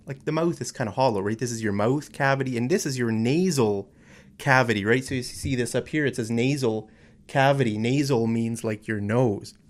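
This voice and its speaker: A man with a North American accent giving a casual online English lesson at home, chatty and excitable, explaining with many fillers and restarts. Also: mid-range voice. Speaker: English teacher.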